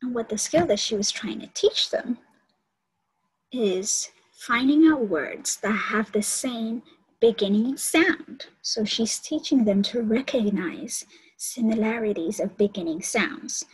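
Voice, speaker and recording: A woman's voice: fairly high pitch, slow, husky, low-quality recording. A woman college instructor giving an online lecture and explaining teaching steps to her students.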